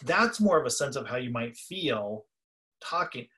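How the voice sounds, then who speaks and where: A man's voice: mid-range voice, very animated, a little slow, pushed and bright. A man co-hosting a podcast about listening skills, telling a story and acting out the people in it. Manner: storytelling, acts out quoted callers. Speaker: podcast co-host, trainer. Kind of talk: conversational podcast talk.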